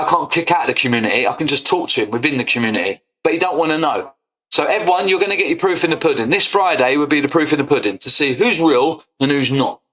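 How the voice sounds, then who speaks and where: A young man rants at his stream audience, combative and full of swearing. His voice sits a bit high and sounds bright and forceful as he keeps hammering the same points. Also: rough recording. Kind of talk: heated casual rant.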